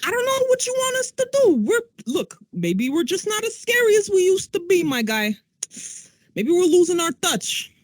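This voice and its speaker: A woman's voice: very high-pitched, very animated, normal speed, no room sound, studio quality, voice pushed up. A woman playing a weary ancient house demon. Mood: exasperated. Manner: exasperated, put-on accent. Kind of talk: tabletop role-play voice.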